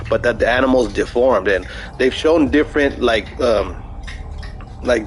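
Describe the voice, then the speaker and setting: Casting: young man, streamer chatting over a game, mid-pitched voice, rambles, swears a lot, restarts sentences. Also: slight background noise, low-quality recording. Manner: rambling, profane storytelling with many restarts. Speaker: gaming streamer. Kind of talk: casual chat over gameplay.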